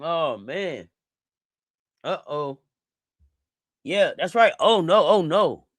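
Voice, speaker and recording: Animated woman reacting to a live game. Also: sits low, very slow, dry recording. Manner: exclamatory, talks straight to the players. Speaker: sports watch-along host.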